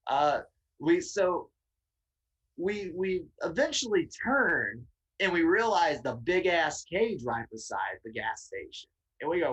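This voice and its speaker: Guy from tennessee spinning a wild road trip yarn, husky voice, swears a lot. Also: on the high side, a little slow, rough recording. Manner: animated anecdote telling with laughs and swearing. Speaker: guest wrestler. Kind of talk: casual storytelling chat.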